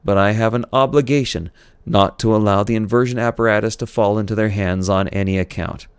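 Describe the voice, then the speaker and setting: A man's voice: lowish voice, fairly even intonation, brisk, clean tone, no echo, natural voice. A man reading a novel aloud, voicing a commanding starship captain in a raised, firm delivery. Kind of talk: audiobook character reading.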